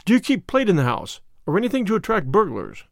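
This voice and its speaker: A man reading aloud, voicing a sharp, commanding detective with a crisp, authoritative manner. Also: sits high, huge pitch swings, fast, no echo, clean studio sound, exaggerated voice.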